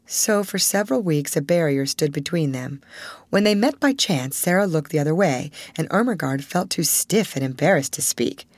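A woman narrating a classic novel aloud with an expressive storytelling cadence. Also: sits low, normal speed, no echo. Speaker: audiobook narrator.

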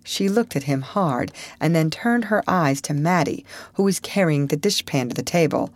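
A woman narrating an audiobook in a measured, expressive reading. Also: low-pitched, no room sound. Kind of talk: scripted narration.

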